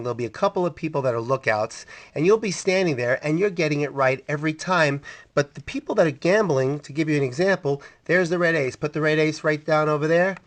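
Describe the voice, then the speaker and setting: A man's voice: fairly high pitch, a bit bright. A man casually explaining how a street card scam works, step by step and matter-of-fact.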